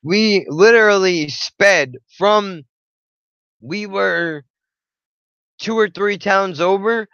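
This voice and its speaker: A young man with a bright, forceful and crisp voice tells a personal story bluntly, swearing freely and speaking his mind. The sound is dry but a little dull and lo-fi. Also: fairly high pitch, no room sound. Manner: blunt, profane, frank. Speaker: channel host.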